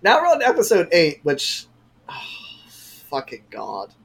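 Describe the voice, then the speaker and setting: Podcast co-host, mid-pitch, profane and exasperated, chatty retelling. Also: huge pitch swings, unhurried, gravelly, fairly bright tone, slightly rough. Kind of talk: casual chat recapping a show.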